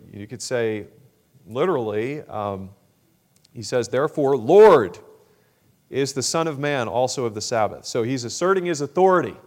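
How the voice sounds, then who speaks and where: A man preaching a sermon, speaking in a measured way with frequent fillers and throat clearing. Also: fairly high pitch.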